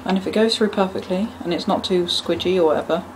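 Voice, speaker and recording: A woman speaks fast in a fairly low voice as she hosts a casual cooking video from her home kitchen, joking and poking fun at herself along the way. The recording is noisy, with clattering pans, cutlery, pots and kitchen ambience in the background.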